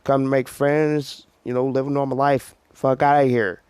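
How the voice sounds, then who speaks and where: A man's voice: mid-range voice, little pitch movement, moderate pace, a little mellow, clean tone, dry recording, voice pushed up, lightly acted. A man doing a salty, tired male teacher. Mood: gruff. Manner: blunt, slangy, cursing. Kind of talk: casual storytelling.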